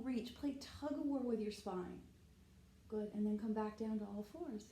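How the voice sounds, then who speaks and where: Mellow, slightly breathless yoga teacher woman. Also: mid-range voice, moderate pace, echoey room, slight background noise, low-quality recording. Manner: talks while demonstrating poses, often adds "right?". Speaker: yoga instructor. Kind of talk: guided yoga class instruction.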